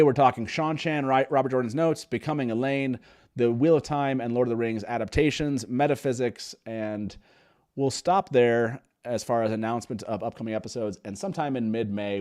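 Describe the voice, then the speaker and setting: A man's voice: medium pitch, expressive, fairly quick, a little mellow. A young man hosting a live stream, chatting casually with lots of fillers and frequent laughter. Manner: upbeat, laughs often, many fillers. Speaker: podcast host.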